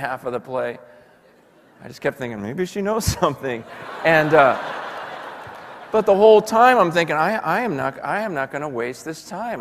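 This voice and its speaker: A man, a pastor, preaching a sermon and telling a story in quoted voices, swinging from hushed to loud. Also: a little high, vocal fry. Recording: long hall reverb.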